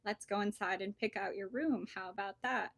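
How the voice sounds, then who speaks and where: A woman voicing a gentle, kindly older grandmother in a storybook reading. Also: mid-range voice, moderate pace, no room sound.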